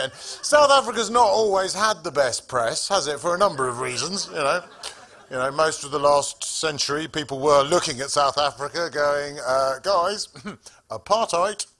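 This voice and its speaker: A man's voice: high-pitched, bright, forceful tone. A man doing a stand-up comedy set on a club stage, telling stories in a dry, sardonic way with profane punchlines. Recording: live club with audible room noise.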